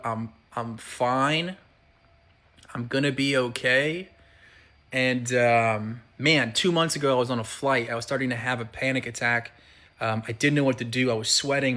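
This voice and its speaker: A man's voice: mid-range voice, pushed and bright. A man speaking to camera, candidly telling a personal story in an earnest voice that builds to emphatic repetition. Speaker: vlogger.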